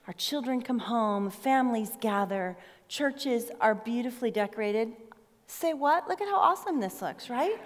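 A middle-aged woman pastor giving a chatty Christmas sermon, telling stories with animated asides. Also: a little high, normal speed. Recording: long hall reverb.

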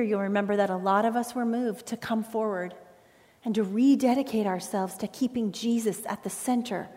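A woman pastor preaching a sermon in an earnest way, with emphatic pauses. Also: mid-range voice, darkish tone. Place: church sanctuary. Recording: reverberant church hall.

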